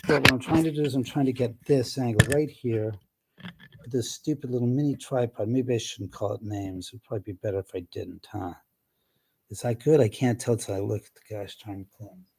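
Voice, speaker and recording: A man hosting a live ghost-hunting stream from inside his house, grumbling and cursing to himself as he scolds unseen spirits, swinging from sudden loud outbursts to whispered mutters. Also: mid-range voice, brisk, breathy edge. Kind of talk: live stream, casual chat. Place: indoors in his own house, moving between rooms and stairs.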